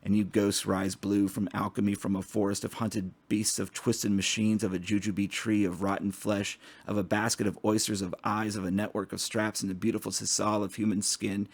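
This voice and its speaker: A man giving a slow, measured solo reading of a long poem, stumbling now and then on hard words. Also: lowish voice, flat delivery, husky. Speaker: poetry reader.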